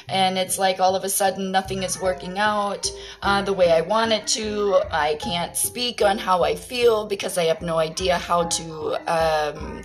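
A woman's voice: medium pitch, low-quality recording. A woman reading spiritual cards in a rambling, candid way, feeling scattered and confused and swearing now and then. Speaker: tarot card reader. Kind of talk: casual spiritual card reading.

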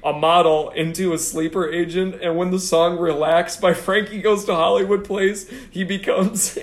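A man's voice: sits high, fairly even intonation, normal speed, echoey room. A man co-hosting a podcast, telling stories in casual chat and laughing often. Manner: chatty storyteller, laughs often. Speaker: podcast co-host.

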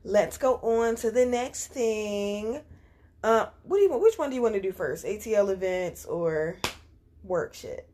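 A woman's voice: medium pitch, unhurried, warm tone. A woman co-hosting a casual podcast, talking in a chatty, rambling way with plenty of fillers. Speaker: podcast co-host.

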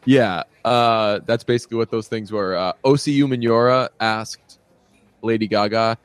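A man's voice: lowish voice, fairly even intonation, normal speed, smooth, no room sound. A man co-hosting a podcast, chatting casually and rambling with lots of fillers and laughs. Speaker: podcast co-host. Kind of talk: casual chat.

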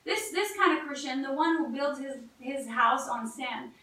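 A woman delivers an earnest, conversational sermon, often restarting her phrases as she goes. Her voice is high and bright. It sounds echoey, as if recorded from a distance in a reverberant room. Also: lively intonation, normal speed. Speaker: preacher. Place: church.

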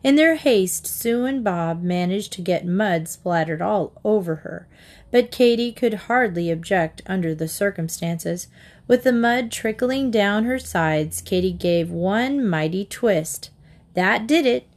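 A woman reads a children's chapter book aloud. Her voice sits at a middle pitch. She keeps a steady, gentle pace through the narration. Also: measured pace. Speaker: storybook reader.

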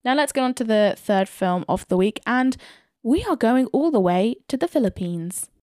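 A woman's voice: a little high, lively intonation, moderate pace, a little mellow, no echo, studio quality. Chatty woman reviewing films. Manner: chatty, opinionated. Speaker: film podcast host. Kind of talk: solo film review podcast.

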